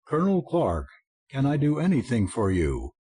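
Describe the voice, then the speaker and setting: A man's voice: medium pitch, wildly swooping pitch, normal speed, dark tone, slightly rough. A man voicing an earnest Civil War general pleading in formal oratory. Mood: solemn.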